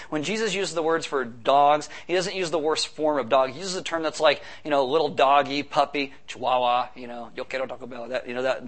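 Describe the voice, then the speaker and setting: A man preaching a sermon as pastor, conversational, with quick asides and rhetorical questions. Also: a little high, a bit bright.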